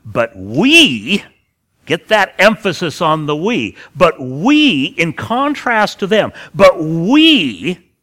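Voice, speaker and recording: Earnest preacher with a lively voice. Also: male voice, mid-range voice. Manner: earnest, stresses key words, frequent restarts. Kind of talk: expository Bible teaching.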